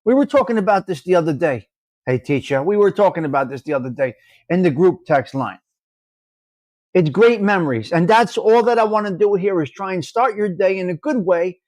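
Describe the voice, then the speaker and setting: Hosting a casual live chat, a man greets viewers by name, reads their comments aloud, and teases them in an animated way. He has a high-pitched voice and a fairly quick pace, captured with studio-quality audio and no echo.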